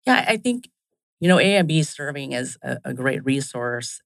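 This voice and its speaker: A man's voice: medium pitch, moderate pace, vocal fry, dry recording, poor audio. A man being interviewed as a business leader, speaking in business phrases and leaning on "kind of" and "right?". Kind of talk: conversational interview.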